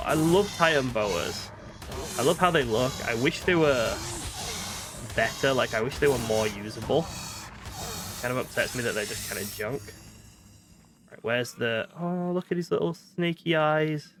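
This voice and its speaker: A gaming streamer from northern Britain chats casually in his accent while playing, thinking aloud and poking fun at himself. His mid-range voice is expressive and unhurried with frequent pauses, against a noisy background.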